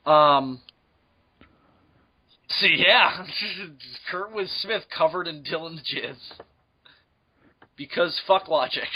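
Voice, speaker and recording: Giggly young man with a bright voice. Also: a little high, drawn-out words, pauses often, a little hiss or hum. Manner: giggly, laughs often, slips into silly voices. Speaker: podcast co-host. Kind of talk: crude comedic banter.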